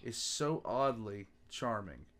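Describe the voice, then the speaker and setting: An older man reacting casually to a story, chatty and expressive, sometimes talking to his pets. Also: fairly low pitch, takes it slowly. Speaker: reaction video host.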